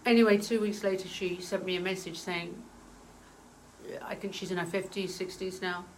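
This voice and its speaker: A woman's voice: on the low side, fairly even intonation, moderate pace, a little hiss or hum, low-quality recording. Brief: earnest woman medium, casual storytelling, hesitant and emotional. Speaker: spiritual medium.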